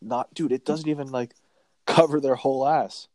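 A man's voice: medium pitch, fairly even intonation, moderate pace, a little mellow, dry recording. A young man chatting casually as a podcast co-host, rambling and swearing constantly. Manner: crude, profane, rambling. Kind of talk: casual chat.

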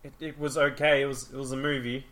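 A man's voice: mid-range voice, little pitch movement, quick pace, fairly bright tone. Laid-back man joking with friends. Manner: silly, laid-back banter. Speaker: podcast co-host. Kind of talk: casual chat.

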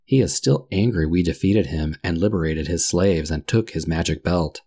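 A man voicing a solemn, sad male tin man in a storybook reading, speaking gravely. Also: deep voice, moderate pace, warm tone. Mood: gloomy. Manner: grave, somber delivery.

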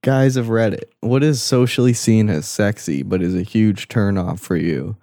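A man's voice: on the low side, moderate pace, dark tone, no echo, clean studio sound. A young man co-hosting a crude, casual podcast chat, laughing often and mocking posts he reads out. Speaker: podcast co-host.

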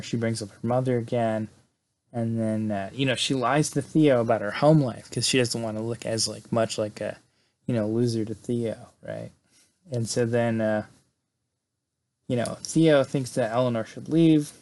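A man's voice: medium pitch, darkish tone. Rambling man recapping a film casually. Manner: rambling, full of "you know" and "like" fillers.

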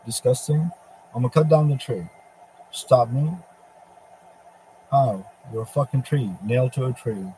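A man's voice: medium pitch, a little slow, long pauses, dark tone, a little hiss or hum, low-quality recording. A man giving a profane, mocking religious monologue, speaking as a divine figure taunting Satan. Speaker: religious preacher.

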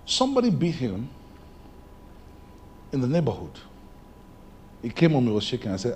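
A male pastor, preaching a sermon and moving between shouted lines and hushed ones. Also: mid-range voice, huge pitch swings, moderate pace, long pauses, a little hiss or hum. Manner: preaching with big swings from shouts to near-whispers.

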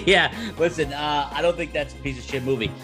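A man hosting a casual podcast chat, animated and quick to laugh as he prods his co-hosts. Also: fairly high pitch, music in the background. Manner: animated, laughs often, eager prodding. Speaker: podcast host.

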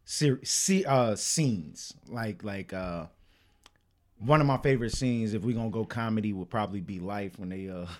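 A man's voice: fairly low pitch, slow, pauses often. A young man co-hosting a podcast in casual chat, rambling with stammered restarts and plenty of slang and cursing. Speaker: podcast co-host.

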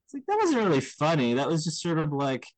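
A man's voice: a little high, fast, no echo, low-quality recording. Chatty man with a dry sound. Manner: animated, often checks in with "right?". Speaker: podcast co-host. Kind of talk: casual film discussion.

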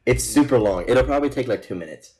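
A man's voice: mid-range voice, animated, fast talker, a little mellow, poor audio. A young man co-hosting a podcast, casually telling a long rambling joke and laughing along with it. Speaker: podcast co-host.

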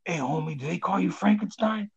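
A man putting on the voice of an aggressive stranger looking for a fight, pitched much higher than his own voice. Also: brisk, husky, dull audio, full character voice. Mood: taunting. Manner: taunting, confrontational.

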